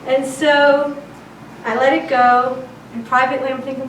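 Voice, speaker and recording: A woman's voice: high voice, moderate pace, a little hiss or hum. A woman from Chicago's South Side telling a personal story on stage, chatty and often laughing. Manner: lively, conversational, laughing at her own story. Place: storytelling event. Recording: roomy live venue, mic at a distance.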